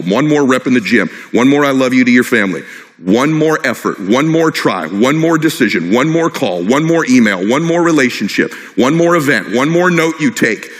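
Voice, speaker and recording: A middle-aged man giving a motivational stage talk, impassioned and personal, driving his point home with short repeated phrases. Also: medium pitch. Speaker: motivational speaker. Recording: long hall reverb.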